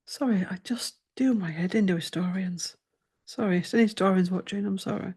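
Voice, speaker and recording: A woman's voice: mid-range voice, a little fast, darkish tone, breathy edge. A woman hosting a tarot channel, flustered and swearing as she talks through her research in casual chat. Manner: flustered, muttering and swearing to herself.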